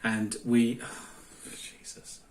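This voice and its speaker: A man's voice: medium pitch, monotone, slow pace, rough recording. A man co-hosting a reselling channel, teasing his partner in a laid-back, dry way during outtakes. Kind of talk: casual outtakes banter.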